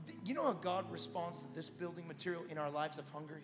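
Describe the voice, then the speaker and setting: A man with a high voice preaches to a congregation, repeating himself and swelling into shouts. The sound is roomy with a long hall reverb, and soft music plays underneath. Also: fast talker. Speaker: pastor. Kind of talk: sermon.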